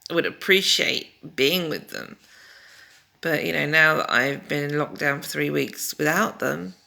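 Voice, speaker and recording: Woman, middle-aged, rambling, wry, gravelly, home vlog. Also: low-pitched, expressive, a little slow, sharp tone. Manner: rambling and wry, with many restarts and fillers. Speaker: vlogger. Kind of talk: casual personal vlog. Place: home during lockdown.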